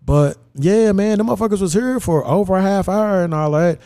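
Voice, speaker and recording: In a podcast studio, a male host with a high, clear, resonant voice tells a story fairly quickly in casual, profane chat. He's animated and acts out the quoted dialogue.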